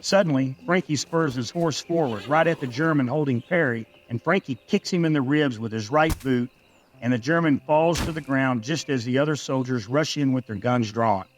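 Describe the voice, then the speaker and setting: Male storyteller, mid-range voice; steady, measured first-person narration. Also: medium pitch.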